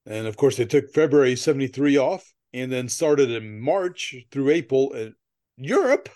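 A male podcast co-host talking in relaxed, casual chat. He tells long, rambling stories, laughs often and swears freely. His voice sits at a middle pitch. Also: normal speed.

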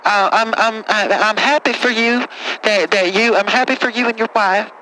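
A man's voice: sits high, fairly even intonation, normal speed, pushed and bright, slight background noise, rough recording. A man playing a prim, preachy pastor calling into a comedy radio show, scolding and fussy. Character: prim, pompous middle-aged male radio pastor. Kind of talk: comedic radio call-in sketch.

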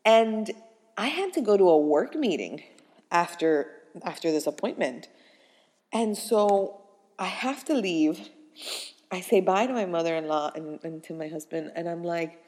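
Chatty young woman telling a story in a reverberant hall. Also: lowish voice. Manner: animated and chatty, full of fillers. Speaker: first-time mother telling her pregnancy story. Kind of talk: casual personal storytelling.

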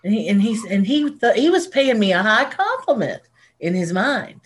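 A woman co-hosting a podcast who tells stories in a lively way and laughs often. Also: mid-range voice, moderate pace. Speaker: podcast co-host. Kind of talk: casual chat.

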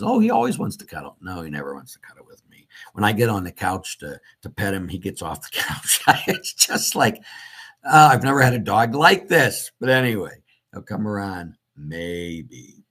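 A man's voice: sits low, slightly rough. A man, a priest hosting his own live stream, reading out viewer comments and answering them in a casual way with many fillers.

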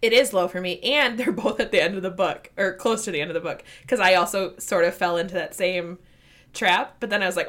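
A woman co-hosting a podcast, chatting casually about a book, laughing often and trailing off softly. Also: lowish voice, a little fast. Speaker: podcast co-host.

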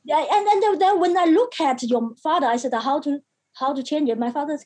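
A woman guest recounting her childhood in earnest, halting non-native English with many restarts. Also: high-pitched, a little mellow. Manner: acts out quoted voices from her childhood. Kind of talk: personal storytelling in an interview.

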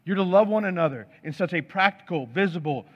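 Pastor, man, slightly high voice, emphatic sermon delivery, muffled audio with long hall echo. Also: animated, fairly quick. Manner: emphatic preaching with piled-up word lists. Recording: dull sound with long hall reverb.

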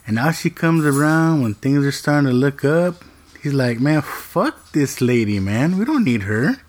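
A man casually recapping a movie plot in an animated, profane way, checking in with "right?" after nearly every point. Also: mid-range voice. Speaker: movie reviewer.

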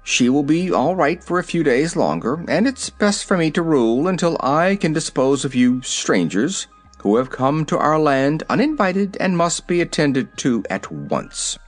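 A man's voice: on the high side, big pitch swings, a little slow, soft background music. A man reading aloud, voicing a cold, haughty male vegetable prince in a formal, chilly way.

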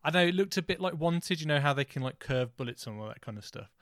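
A man's voice: on the high side, lively intonation, quick pace, a bit bright, dry recording, clean studio sound. A man, chatting casually and enthusiastically as a podcast co-host. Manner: enthusiastic, easygoing film talk. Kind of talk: casual chat.

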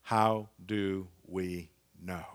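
A man preaching a sermon, explaining scripture slowly and reading passages with strong emphasis. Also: low-pitched, fairly even intonation. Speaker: pastor.

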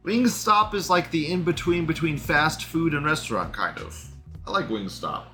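Sarcastic, lively-voiced male commentator. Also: on the high side, normal speed, soft background music. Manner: sarcastic, profane, laughs often. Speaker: live show host. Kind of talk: casual commentary monologue.

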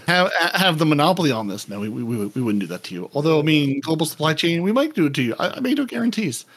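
A man's voice: fairly high pitch, sing-song, fast, breathy edge. Playful rambling male podcast host. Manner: playful, rambling, stumbling over repeated words. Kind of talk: casual gaming podcast chat.

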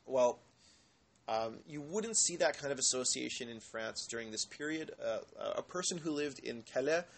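A man giving an informal history lecture, explaining step by step and often pausing on filler words. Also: medium pitch, expressive. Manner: hesitant, many filler words; explanatory, asks and answers own questions.

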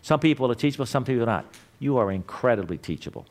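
Middle-aged male instructor, blunt and emphatic, lively pitch swings, lecturing a class. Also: fast. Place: classroom with students.

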